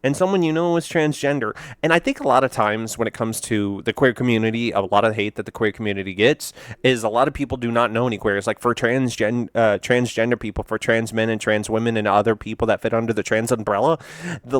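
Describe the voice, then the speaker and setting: A man riffs through casual meme commentary in a rambling, frank manner, full of fillers and restarts. His voice is smooth and clear at a middle pitch. The sound is close and dry, with no room around it. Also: no room sound. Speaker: video host reacting to memes.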